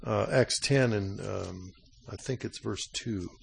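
A man giving a sermon in a conversational way, with many fillers and frequent throat clearing, reading scripture passages aloud more slowly. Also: fairly low pitch, noisy background. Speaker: preacher.

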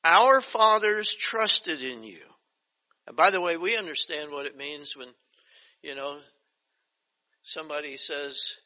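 An older man teaching a Bible study as pastor, reading scripture slowly and emphatically, then breaking into chatty asides. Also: fairly high pitch, pushed and bright. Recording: dull lo-fi recording.

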